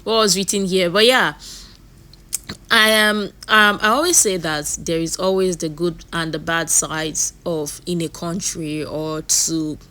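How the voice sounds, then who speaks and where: A woman's voice: lowish voice, steady tone, measured pace, bright, forceful tone. A woman hosting a reaction video, talking earnestly and rambling, often repeating herself. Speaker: reaction channel host. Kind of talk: casual reaction commentary.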